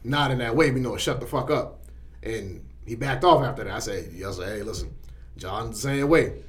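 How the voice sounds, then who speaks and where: A man's voice: medium pitch, normal speed. A young man hosting a casual podcast, telling profane stories and acting out what others said, talking into a studio mic. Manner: animated storytelling, profane, acts out quotes. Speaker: podcast host.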